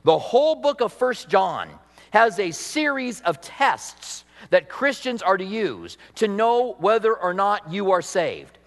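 High-voiced pastor preaching in a reverberant hall. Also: male voice, big pitch swings, takes it slowly. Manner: conversational, self-deprecating, laughs at himself. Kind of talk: sermon.

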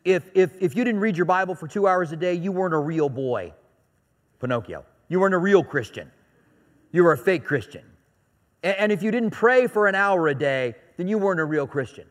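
A man's voice: high-pitched, lively intonation, brisk, big-room sound. A man preaching a sermon as pastor, talking in a conversational, joking way and hammering points home by repeating them. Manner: conversational and joking, with emphatic repetition.

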